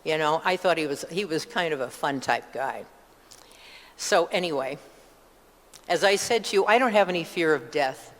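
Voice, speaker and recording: An older woman with an upstate New York accent tells her personal testimony in church. She rambles warmly from one family story to the next, with asides and little self-corrections. Her voice carries a long, lingering echo from the church hall. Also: low voice, lively intonation, moderate pace, long pauses. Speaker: church member giving testimony.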